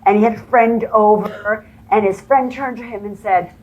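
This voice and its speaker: In a conference room before a live audience, a woman trains real estate agents with a motivational talk, telling stories and acting out the quoted dialogue. Her medium-pitched voice has fairly even intonation and a moderate pace with hardly any pauses. The recording is muffled.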